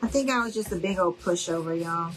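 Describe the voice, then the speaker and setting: A woman's voice: on the low side, fast, a little hiss or hum, poor audio. A middle-aged woman hosting a casual live crafting demo, chatty and friendly, calling her viewers y'all. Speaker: craft tutorial host.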